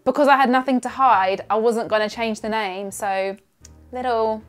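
Brief: young southern English woman, higher voice, lively, sarcastic vlogger. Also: moderate pace, soft background music. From Surrey, England. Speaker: singer and YouTuber. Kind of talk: casual vlog reading comments.

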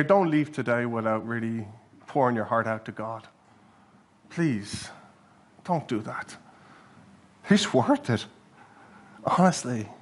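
A man preaching a sermon as a church pastor, earnest and animated, breaking into bursts of laughter as he talks. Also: mid-range voice. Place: church hall.

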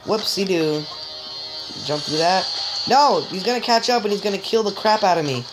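A woman giving joking, excitable let's-play commentary, chatting straight to viewers and letting out sudden high yelps. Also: normal speed, low-quality recording. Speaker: gamer. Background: game music.

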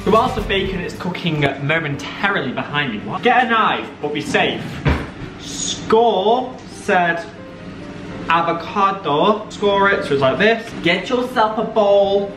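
A young man chats playfully to the camera as he cooks at home, his voice high and bouncing all over the place. He sounds set back from the mic in a roomy kitchen, with clear music playing behind him. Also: lively intonation, measured pace, recorded from a distance. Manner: chatty, playful, talks to the camera while cooking. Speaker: vlogger. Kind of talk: casual food vlog chat.

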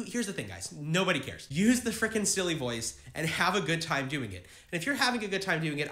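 A man's voice: fairly high pitch, pushed and bright. A man hosting a tabletop gaming channel, explaining to camera in an earnest, encouraging way and talking straight to his viewers. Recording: roomy echo.

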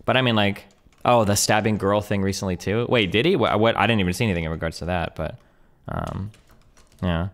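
A man's voice: on the low side, fairly quick, a bit bright. A man hosting a casual reaction commentary, sarcastic and loose, full of fillers like "um" and "like". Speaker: streamer and host.

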